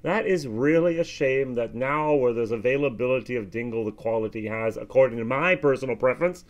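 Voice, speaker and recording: An American man giving a casual whisky tasting review, with animated, expressive reactions and plenty of fillers. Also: mid-range voice, fairly quick. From United States.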